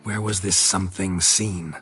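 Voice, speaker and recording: An actor voicing a terse, deadpan monster hunter in a video game, with faint music behind. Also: male voice, sits low, a little slow. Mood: businesslike. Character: gruff terse monster hunter, dry wit. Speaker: witcher, hired monster hunter.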